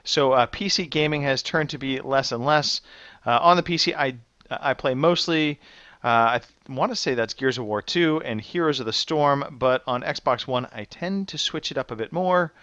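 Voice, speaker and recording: Easygoing male podcast host, bright tone. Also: mid-range voice, moderate pace, dry recording, lo-fi sound. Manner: easygoing, reads out member intros. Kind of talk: casual podcast chat.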